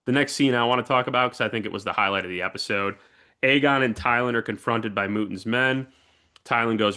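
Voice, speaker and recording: A man co-hosts a podcast in relaxed, casual chat. His voice sits a little low, and he grows animated as he walks through scenes. He talks easily and lets his enthusiasm show. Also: quick pace, smooth. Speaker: podcast co-host.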